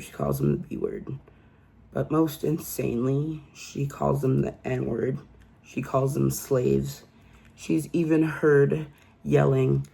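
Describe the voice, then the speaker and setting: A woman's voice: rumbling low, vocal fry, mellow, husky. A woman hosting a casual true crime recap and telling the story in a chatty, incredulous way.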